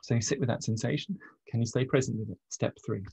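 A man coaching on trauma and stress, explaining in a relaxed, conversational way, with frequent pauses and restarts. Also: mid-range voice, vocal fry, slightly rough, no echo, poor audio. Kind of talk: casual teaching monologue.

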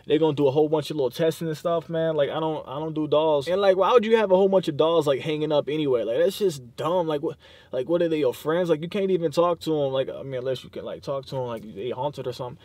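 A man's voice: a little high, fast, a little mellow, no echo. Slangy young man vlogging from his car. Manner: loose slangy rambling, heavy use of "like", cursing. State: tired, sleep deprived. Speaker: YouTube vlogger. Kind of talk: casual vlog talk to camera. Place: inside a parked car.

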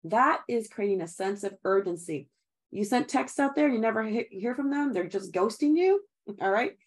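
A woman's voice: fairly high pitch, animated, normal speed. A middle-aged woman giving an upbeat sales training talk, chatty and encouraging, often laughing and calling her listeners guys.

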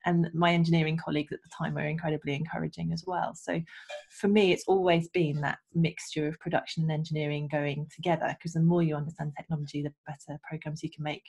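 A woman guest on a video call, telling her career story in an animated way with frequent laughs. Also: sits low, quick pace, creaky, breathy edge. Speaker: guest, radio producer and engineer. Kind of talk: casual interview chat.

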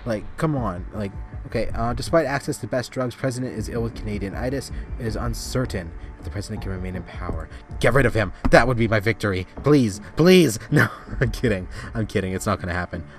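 A man hosting a gaming channel, giving rambling casual commentary with sudden excited outbursts at the game. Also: fairly low pitch, quick pace, few pauses, over music.

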